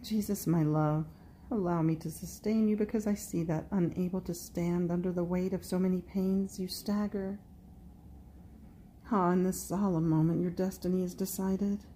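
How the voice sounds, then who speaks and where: A woman reading a devotional meditation in a slow, prayerful way, speaking directly to Jesus. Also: fairly low pitch, fairly even intonation, warm tone, a little hiss or hum. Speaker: devotional reader.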